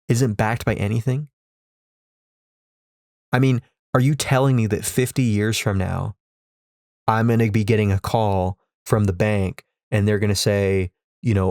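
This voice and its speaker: A man with a low voice rants sarcastically, looping back over his points and swearing for emphasis. It sounds like a podcast host talking into a studio microphone. The sound is dry and close, with no room around it. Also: darkish tone, dry recording. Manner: ranting, repetitive, sarcastic, swears. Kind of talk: comedic rant.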